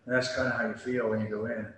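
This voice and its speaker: A man's voice: medium pitch, flat delivery, quick pace, a bit bright. A middle-aged man, a retired Air Force veteran, telling his story bluntly and at length in an interview, with salty language. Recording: very echoey room with faint noise.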